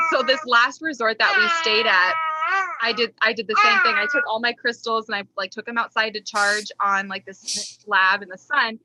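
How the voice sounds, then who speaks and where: A woman's voice: mid-range voice, bright, forceful tone, highs cut off. A young adult woman co-hosting a casual podcast chat, rambling in a giggly, friendly way. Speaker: podcast co-host.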